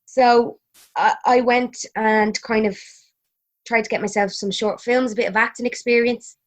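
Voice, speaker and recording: Chatty Irish woman, bright-ish. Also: on the high side, flat delivery, a little slow. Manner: chatty, laughing, swearing. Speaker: podcast guest. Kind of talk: casual chat.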